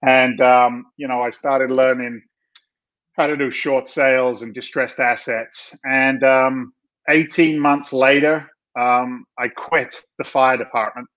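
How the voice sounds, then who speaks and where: A middle-aged man from England, a guest in a casual interview, telling his story in an animated, chatty way with frequent laughs and restarts. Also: mid-range voice. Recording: dull lo-fi sound.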